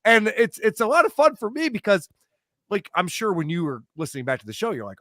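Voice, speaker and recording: Animated sarcastic man, dry mic. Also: sits high, fairly quick, no echo. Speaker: podcast guest. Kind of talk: casual podcast chat.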